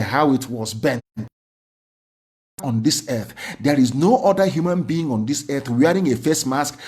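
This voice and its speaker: A man's voice: fairly high pitch, a little mellow. A man giving an impassioned, indignant livestreamed speech full of rhetorical questions. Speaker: political speaker.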